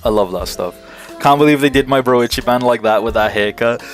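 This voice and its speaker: A man's voice: medium pitch, fairly quick, faint music behind. A young man streaming live, chatting casually with viewers in a rambling, enthusiastic way and swearing freely. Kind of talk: casual livestream chat answering viewers.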